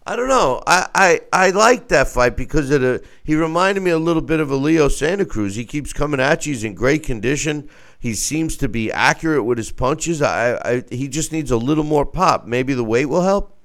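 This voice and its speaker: A man talking boxing on a show as a guest, animated, with stammering restarts. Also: a little high, moderate pace. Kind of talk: casual boxing talk.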